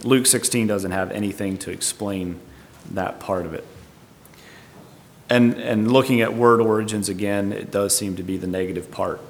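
A man's voice: fairly low pitch, steady tone, normal speed. A man preaching a Bible teaching sermon, explaining verse by verse in a thoughtful, tentative way. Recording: long reverb.

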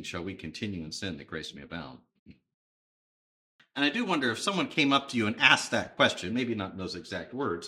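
A man preaching a sermon, conversational and emphatic, with thoughtful pauses. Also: fairly low pitch, bright, forceful tone. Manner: emphatic, conversational with fillers, pausing.

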